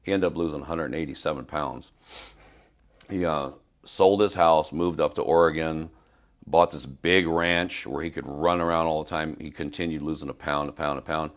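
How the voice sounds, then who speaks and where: Older male trainer from Spain, very deep and gravelly, halting storyteller. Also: steady tone. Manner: retells scenes with halting restarts and repeated words. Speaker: fitness trainer, podcast guest. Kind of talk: storytelling in an interview.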